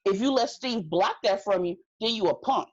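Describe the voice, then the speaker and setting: A woman from California co-hosts a recap podcast, dishing out blunt advice in emphatic slang. Her voice sits at a middle pitch, recorded dry and a little dull, like lo-fi home audio. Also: lively intonation, moderate pace, dry recording. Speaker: podcast co-host. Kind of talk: casual recap chat.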